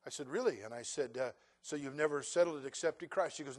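A man preaching a sermon as pastor, telling a story with soft asides and then loud, emphatic stretches. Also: a little high, fast, slightly rough.

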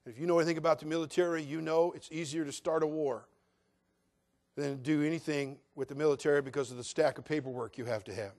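An older man from California preaches a sermon with a voice pitched a little high for a man. He speaks in an earnest, direct way and calls his listeners friends. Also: steady tone, fast talker, darkish tone. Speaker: pastor.

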